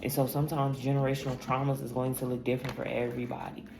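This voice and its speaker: Woman tarot reader, gravelly and blunt, profane, in an echoey room with steady noise behind her. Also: extremely low pitch, fast. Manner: blunt, profane, emphatic storytelling. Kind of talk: casual spiritual reading monologue.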